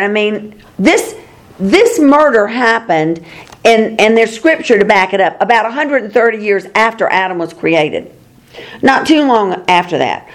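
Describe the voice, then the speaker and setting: A woman teaching a Bible study class in a chatty, explanatory way, chuckling now and then. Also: medium pitch. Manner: conversational, chuckles, explains with rhetorical asides.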